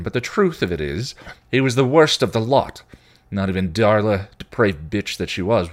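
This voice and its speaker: A man voicing a volatile, bitter male vampire who rants and snarls. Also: deep voice. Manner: snarling, ranting.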